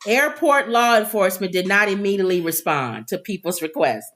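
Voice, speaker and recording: A woman's voice: mid-range voice, animated, fairly quick, a bit bright. A woman co-hosting a casual talk show, reading celebrity news aloud and breaking off to joke.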